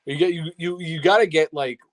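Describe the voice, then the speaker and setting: A man co-hosting a casual podcast, chiming in with quick reactions and laughing along. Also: a little high. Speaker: podcast co-host. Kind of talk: casual chat.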